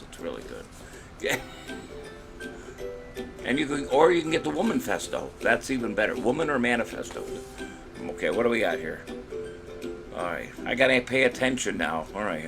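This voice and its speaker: A man's voice: mid-range voice, big pitch swings. Jokey rambling trivia host man, music behind. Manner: jokey, rambling, reads questions slowly. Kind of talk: casual live-stream quiz hosting.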